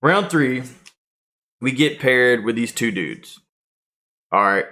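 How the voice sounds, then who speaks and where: A man's voice: medium pitch, slow pace. A man, casually telling a tournament story on a podcast and acting out the quotes. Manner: animated storyteller, acts out quotes. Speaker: podcast host.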